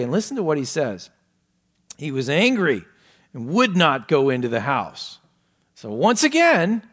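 A man preaching an expository sermon as pastor, stressing words hard and dropping to quiet asides, asking his listeners questions. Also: medium pitch. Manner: emphatic, swings from loud stresses to quiet asides; asks the listeners rhetorical questions.

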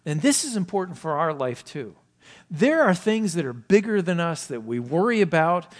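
A male pastor preaching a sermon, asking rhetorical questions and swinging from loud emphasis down to hushed, low asides. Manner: asks many rhetorical questions.

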